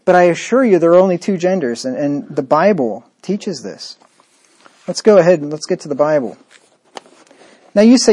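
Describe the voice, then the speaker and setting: A man's voice: fairly high pitch, lively intonation, normal speed, pauses often, darkish tone. A man preaching a sermon, emphatic and repetitive, with a sarcastic, mocking edge. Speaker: pastor.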